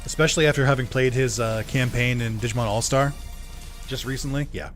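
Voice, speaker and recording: A man's voice: medium pitch, fairly quick, faint music behind. Joking, rambling male game streamer. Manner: rambling, jokey, laughs often, swears. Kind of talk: casual game commentary.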